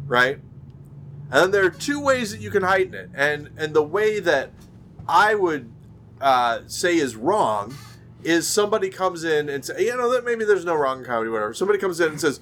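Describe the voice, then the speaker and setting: A podcast co-host chats casually over a video call, rambling with lots of fillers and restarts. His voice is fairly high and fairly bright, with big pitch swings and a moderate pace, and there's slight background noise.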